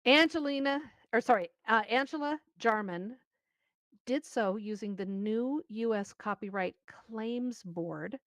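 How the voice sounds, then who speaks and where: A woman's voice: mid-range voice, dry recording. Brief: upbeat woman co-host, scripted news read, dry close sound. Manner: upbeat, playful asides.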